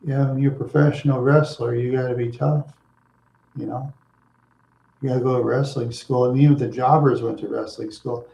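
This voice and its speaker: A man's voice: medium pitch, steady tone, moderate pace, vocal fry, dark tone, dull audio. A middle-aged man answering viewers in casual, rambling chat, chuckling often and trailing off into asides. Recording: echoey room.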